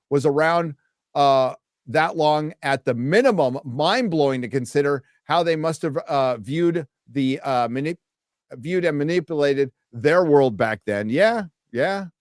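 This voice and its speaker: A man's voice: a little high, dry recording. Brief: male stream host, casual and profane, reads donation messages aloud, dry close sound. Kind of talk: casual live stream chat.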